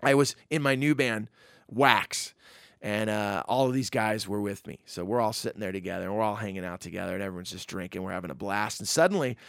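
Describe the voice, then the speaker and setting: A middle-aged man telling a loose, animated anecdote from his days in a band, full of "you know" and "like". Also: on the low side, brisk, gravelly, no room sound, clean studio sound. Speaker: musician telling a story. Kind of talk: casual anecdote storytelling.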